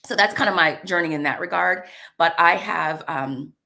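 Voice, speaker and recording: Bright, animated woman guest. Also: on the low side, normal speed, creaky. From Southern United States, Arkansas. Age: adult. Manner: animated storyteller, laughs often. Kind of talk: conversational interview.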